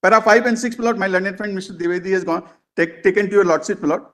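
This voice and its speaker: A male advocate makes his case to the bench in a courtroom, his voice sitting noticeably high for a man. He speaks in halting, piled-up clauses and calls the bench "my lord" every few words as he walks through pages and paragraphs. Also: steady tone, fairly bright tone. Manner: addresses the bench as "my lord" constantly, halting restarts. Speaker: advocate arguing before a court. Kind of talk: courtroom legal argument.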